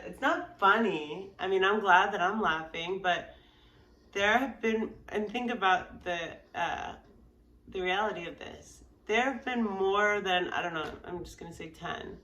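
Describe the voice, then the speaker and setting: A yoga vlogger in her forties speaks casually to camera in a frank, rambling way, with many fillers and restarts. Her voice is medium-pitched, unhurried, and a bit bright. The sound is roomy and distant, with faint background noise.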